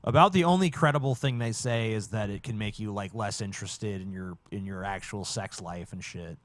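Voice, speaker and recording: A man co-hosting a podcast, loud, profane and sarcastic in casual chat. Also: on the low side, brisk, no echo. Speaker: podcast co-host. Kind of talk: crude comedic podcast chat.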